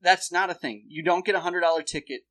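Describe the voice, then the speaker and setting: A man's voice: sits high, quick pace, a bit bright. A man co-hosting a comedy chat, telling stories casually, laughing often and swearing freely. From lived in New York. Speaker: comedian podcast co-host.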